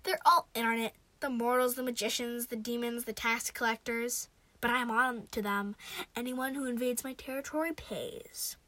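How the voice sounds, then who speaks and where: A hushed, suspicious huntress goddess, as a woman reading aloud puts her on; keep it breathy and high for a whisper, dry and close. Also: fairly even intonation, moderate pace, no room sound. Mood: conspiratorial. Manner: low, hushed, conspiratorial whisper. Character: paranoid warrior huntress goddess, female, menacing.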